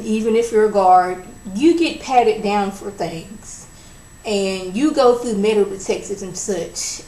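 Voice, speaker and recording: Chatty woman recapping in an echoey room. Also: mid-range voice. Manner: animated, acts out characters' lines. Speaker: TV episode reviewer. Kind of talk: casual recap and commentary. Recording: echoey room with faint background noise.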